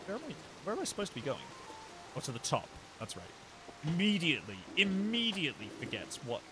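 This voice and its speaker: A man's voice: medium pitch, wildly swooping pitch, fast talker. A young man live-streaming a game, chatting casually and joking with his chat. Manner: playful, joking asides to chat. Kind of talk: casual live gameplay commentary. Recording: loud music under the voice. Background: loud game music.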